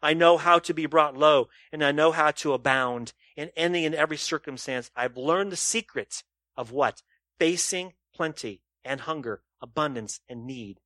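Speaking at a normal pace, this male pastor delivers a sermon full of rhetorical questions, alternating forceful emphasis with hushed, quiet remarks to the congregation. The sound is dry and clean, like a studio.

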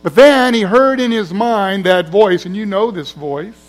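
A man's voice: high voice, measured pace, rough recording. A man preaching a sermon in a conversational way, acting out the voices of people in his story. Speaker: pastor.

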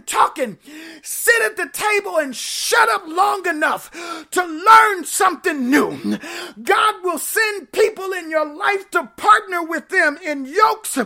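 High, gravelly woman preaching with fire. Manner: fervent, shouting delivery with a preaching cry; talks straight to the congregation, stretching key words. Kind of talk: sermon.

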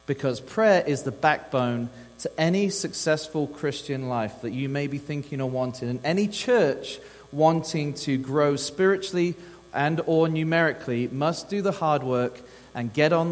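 A man's voice: medium pitch, big-room sound. A man from England with an English accent, a guest pastor giving a chatty, cheerful sermon and leading prayer in a church. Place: church sanctuary.

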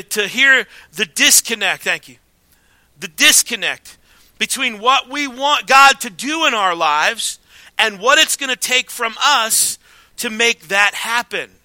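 A man preaching a sermon as pastor, emphatic, swinging between loud declarations and hushed asides. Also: high-pitched, dry recording.

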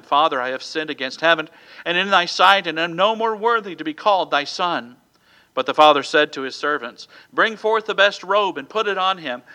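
A man's voice: a little high, sharp tone, rough recording. A man preaching a sermon who reads scripture in old King James wording and asks the congregation "Amen?" between points.

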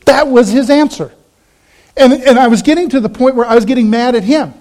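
A middle-aged man with a rather high voice delivers a sermon in an easy, conversational way. He tells a personal story and drops to a lower voice when he quotes his friends. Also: fairly quick, a little mellow. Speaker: pastor.

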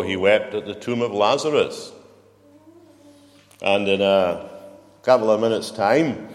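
A man preaching a sermon in a church, slow and reflective, often turning questions to the congregation. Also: lowish voice. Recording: long reverb of a church hall.

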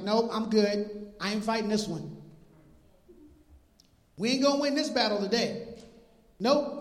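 A male pastor preaching an animated, joking sermon in casual slang, retelling scripture. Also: high-pitched. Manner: animated, jokey, laughs at his own lines. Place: church sanctuary. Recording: echoey hall.

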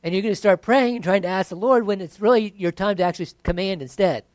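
A pastor preaching a conversational sermon that builds to emphatic points. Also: male voice, high voice, fast, darkish tone, no room sound.

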